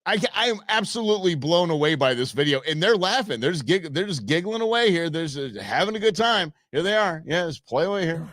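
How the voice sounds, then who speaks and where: A man's voice: a little high, lively intonation, fast, few pauses, fairly bright tone, no room sound. A man from the United States hosting a show, chatting casually over viral videos with a rambling, chuckling manner and many fillers. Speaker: show host.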